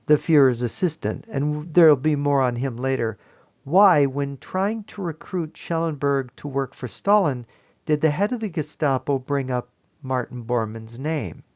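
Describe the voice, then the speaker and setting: A man's voice: on the high side, measured pace, darkish tone. Earnest man lecturing, dull lo-fi sound. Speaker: presenter. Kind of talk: lecture-style presentation.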